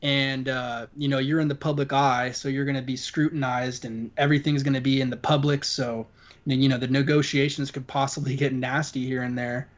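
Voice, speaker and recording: A man's voice: medium pitch, level tone, fairly quick, highs cut off. A man co-hosting a casual sports podcast, easygoing and hedging, full of "you know.". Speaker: podcast co-host.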